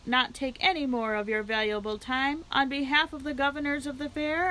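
A woman voicing a pompous male fair announcer in a storybook read-aloud, speechifying with grand, drawn-out phrases. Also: high-pitched, pushed and bright, a little hiss or hum, voice pushed up, low-quality recording.

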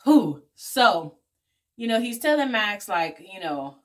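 A woman vlogger casually recapping a movie plot in an animated, slangy way. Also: medium pitch, takes it slowly. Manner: animated storytelling, slangy asides, acts out characters' lines. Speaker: beauty vlogger reviewing a movie.

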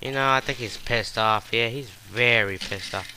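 A man's voice: medium pitch, normal speed, noisy background. A man giving live gameplay commentary, frustrated and trash-talking with profane outbursts.

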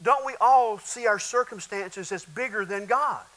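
Male pastor, high bright voice, chatty preaching with loud outbursts. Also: unhurried, poor audio. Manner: conversational preaching with bursts of shouting and laughter. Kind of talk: sermon.

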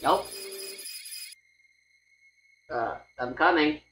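A man giving casual gameplay commentary with dry, deadpan remarks. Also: a little high, very slow, reverberant, poor audio. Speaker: let's play gamer. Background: game music.

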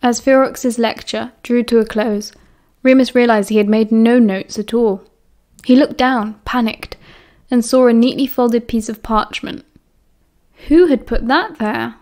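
A woman with a British accent narrates an audiobook with a calm, steady flow. Her voice sits a little higher than most women's. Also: a little slow. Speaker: audiobook reader.

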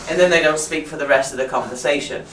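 A woman training teachers in a casual workshop talk. She laughs often and mimics her pupils' voices as she explains. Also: low-pitched. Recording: roomy sound from a distant mic, faint room noise.

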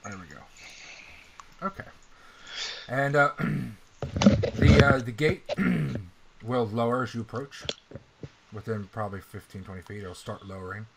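A man running a tabletop game as game master, casual and profane, often clearing his throat. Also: mid-range voice, measured pace, pauses often, background noise.

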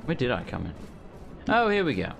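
Animated, swearing gameplay commentator man. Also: medium pitch, a little fast, vocal fry, slight background noise. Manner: laughs often, swears casually. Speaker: let's play host.

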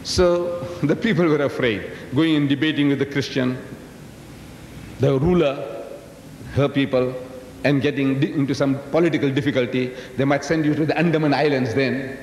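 This South African lecturer in his sixties speaks at normal speed with fairly even intonation and a slightly mellow sound. Addressing a live audience in a large hall over a PA microphone, he booms, teases, and quizzes the crowd. Echo and faint background noise fill the recording.

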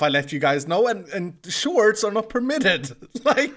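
A man's voice: high voice, a little slow. A man from Sweden, hosting casual gaming chat with friends, joking and laughing often. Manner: jokey, laughs often, lively teasing. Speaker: channel host, gamer.

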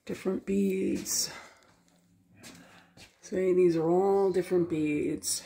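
A woman giving a casual, unhurried tour of her home craft room, pointing things out one by one. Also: on the low side, steady tone, vocal fry, mellow.

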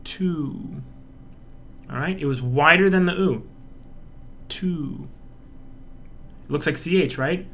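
A man's voice: on the high side, brisk. A man lecturing on animation, acting out examples energetically and filling his speech with "like" and "um". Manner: animated, acts out examples, filler-heavy. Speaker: animation instructor. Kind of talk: recorded lecture with demonstrations.

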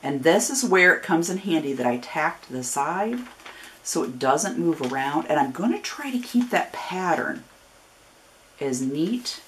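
A low-pitched woman from Northern Ohio whose Northern US accent carries a growing Southern twang. She walks through a craft project in a chatty, folksy way, drifting into friendly warnings and side stories. A faint hiss of background noise sits under her voice. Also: big pitch swings, unhurried, fairly bright tone. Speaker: craft tutorial host. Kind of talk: casual step-by-step craft demonstration.

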